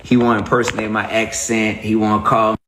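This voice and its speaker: A man speaks on a phone livestream in a fairly low voice. He presses his points emphatically, like a preacher, and breaks off to greet viewers. The room adds a noticeable echo. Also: little pitch movement, brisk. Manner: preachy, emphatic, shout-outs to chat. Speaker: rapper on a livestream. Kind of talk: casual livestream talk to viewers.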